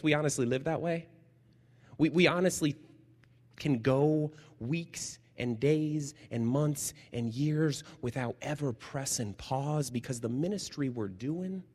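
A man preaching in a large hall where his voice hangs in a long reverb. He talks slowly and deliberately, swinging from loud, lively bursts to hushed, almost whispered lines. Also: fairly high pitch, breathy edge. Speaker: chaplain and preacher. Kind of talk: sermon.

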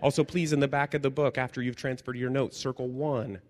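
A man preaching a sermon as a chaplain, lively and jokey, moving between loud bursts and hushed near-whispers. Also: medium pitch, brisk. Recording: long hall reverb.

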